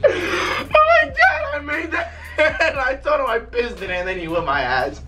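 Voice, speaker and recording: A man's voice: very high voice, moderate pace, over music. A young man hosting a vlog, telling crude stories in casual chat, often breaking into laughter. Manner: laughing, crude banter, animated storytelling. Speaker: vlog host.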